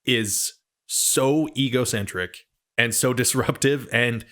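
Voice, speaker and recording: A man co-hosting a podcast, chatting casually in a quick, talkative way and laughing often. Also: medium pitch, a bit bright. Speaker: podcast co-host.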